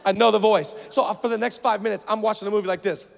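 High-voiced gravelly preacher in a big hall. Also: male voice, fast talker, slight background noise. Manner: energetic, shouting punchlines then dropping to storytelling. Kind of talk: sermon. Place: large conference hall. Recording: long hall reverb.

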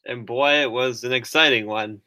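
A man's voice: medium pitch, normal speed, sharp tone, dry recording, studio quality. A man co-hosting a casual sports podcast, wry and teasing, laughing easily. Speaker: podcast co-host.

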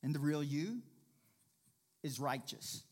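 A man's voice: on the high side, animated, slow. A man pastor preaching a sermon, folksy and conversational, repeating key lines and building to emphatic, rising bursts. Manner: folksy, jokes with the congregation and laughs.

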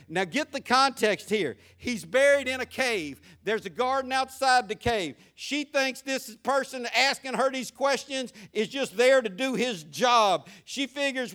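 A man's voice: very high voice, normal speed, a bit bright. A male pastor, preaching a sermon in a folksy way that rises to fervent preaching.

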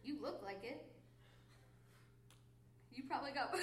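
Woman performing a poem with lively pitch. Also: normal speed, echoey room, background noise. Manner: repetitive, mock-flirty, exasperated with cooing asides. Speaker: poet reading her work. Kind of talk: live poetry performance. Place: reading series venue with an audience.

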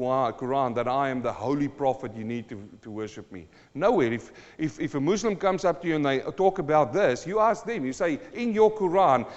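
Impassioned preacher in an echoing hall. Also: male voice. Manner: impassioned, swings between loud emphatic peaks and low quiet passages; slows down to stress key phrases, repeats words. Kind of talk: sermon. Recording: dull sound with long hall reverb.

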